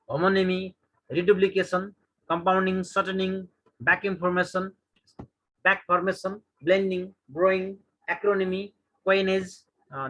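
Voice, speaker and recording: A man with an Indian English accent, a teacher reading through a course syllabus, listing topics one by one with frequent pauses. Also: high-pitched, sharp tone, rough recording. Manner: reads lists item by item with many "uh" pauses.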